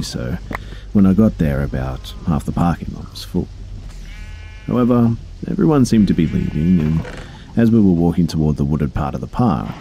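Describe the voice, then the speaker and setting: A man with an extremely deep, dark voice reads creepy true stories in a relaxed, conversational way. He drops in casual fillers and the odd swear word. His narration comes over a faint hiss of background noise. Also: vocal fry. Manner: low-key, conversational storytelling with fillers and profanity.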